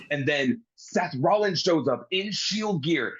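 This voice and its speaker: Man, around thirty, casual podcast co-host, swearing, excitable, somewhat lo-fi audio. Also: mid-range voice, moderate pace, hardly any pauses. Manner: swears a lot, bursts into loud excitement. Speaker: co-host reviewing wrestling. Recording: slightly dull lo-fi audio.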